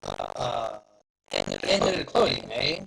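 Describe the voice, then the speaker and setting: A man's voice: lowish voice, wildly swooping pitch, extremely slow, creaky, background noise. A man playing a tabletop role-playing game, talking hesitantly with many fillers. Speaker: player. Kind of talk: casual play.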